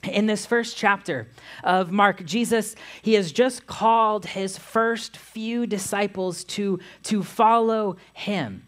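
Woman, pastor, sermon, measured delivery, unhurried pace. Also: medium pitch. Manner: measured, reads scripture aloud.

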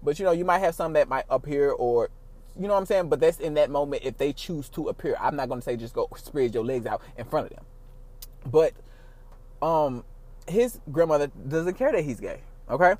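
A man with a high-pitched voice talks in a loose, unscripted monologue. He is animated and profane, jumping from loud, excited bursts to low, quiet asides. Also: brisk. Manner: animated, profane, laughs often, swings loud and soft. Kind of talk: casual monologue.

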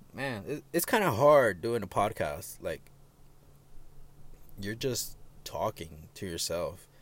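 A young man talking casually on his own podcast from his parked truck, frank and profane, stumbling over fillers and restarts and getting loud and heated when he rants. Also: on the low side. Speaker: podcast host. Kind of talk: casual solo venting podcast.

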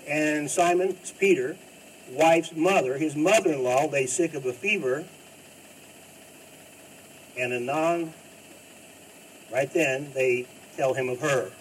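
A man's voice: mid-range voice, a little slow, pauses often. Preaching man, heard from a distance. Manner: emphatic preaching, loud bursts and quiet drops. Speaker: pastor. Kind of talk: sermon. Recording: distant mic with faint noise.

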